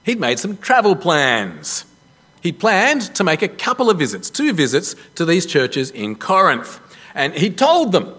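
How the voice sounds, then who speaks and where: A man preaching a sermon as a pastor, telling a story with lively self-deprecating humour. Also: on the high side, measured pace.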